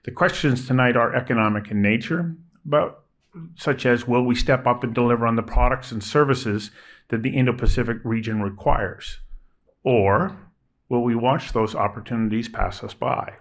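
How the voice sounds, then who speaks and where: A man hosting a public affairs dialogue show, delivering a scripted introduction in a measured, emphatic way with deliberate stresses on key words. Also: mid-range voice. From Canada. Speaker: host.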